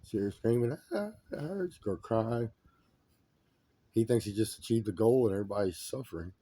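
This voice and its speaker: A man's voice: fairly low pitch, fairly even intonation, a little fast, mellow. A man in a rambling, agitated monologue who repeats his complaints emphatically.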